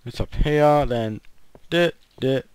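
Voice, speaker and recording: Slow, smooth-voiced frustrated gamer man. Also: mid-range voice, darkish tone, no echo. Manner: frustrated, yelps and groans at failed jumps. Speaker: gaming channel host. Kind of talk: casual gameplay commentary.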